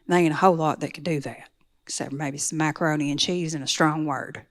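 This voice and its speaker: A woman's voice: low-pitched, steady tone, fast talker. A middle-aged woman, telling her recovery story in an earnest testimony that builds to pleading intensity. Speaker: speaker sharing a recovery testimony. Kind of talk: personal testimony talk.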